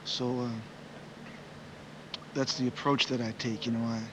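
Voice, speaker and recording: A man's voice: mid-range voice, little pitch movement, unhurried, noisy background. A man in his forties, a musician, giving rambling, reflective interview answers full of "you know" fillers.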